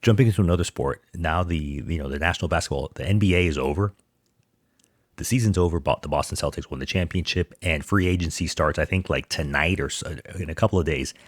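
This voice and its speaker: A man's voice: extremely low pitch, quick pace, no echo, studio quality. A man hosting a podcast, ranting about sports news with sarcastic disbelief. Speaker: podcast host. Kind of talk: casual sports commentary monologue.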